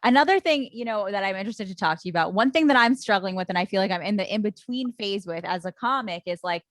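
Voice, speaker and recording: A woman comedian hosts a casual chat, musing aloud and circling back as she works through her thoughts. Her voice is mid-pitched and sounds dry and close to the mic. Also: fast talker, fairly bright tone, no echo. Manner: thinks aloud, hesitant, many restarts. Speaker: comedian, podcast host.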